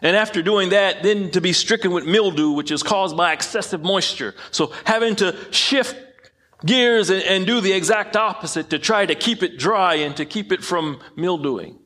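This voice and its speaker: A man's voice: high-pitched, moderate pace, a bit bright. A man preaching a sermon in an emphatic way, often repeating phrases and tripping over his words. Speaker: pastor.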